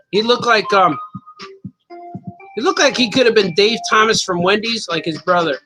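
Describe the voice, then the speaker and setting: A man with a high, bright voice hosts a casual live stream. He rambles from one joke to the next and laughs at his own stories. Soft music plays faintly behind him. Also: animated, normal speed, long pauses, low-quality recording. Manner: rambling, jokey, laughs often. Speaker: cartoonist hosting a live show.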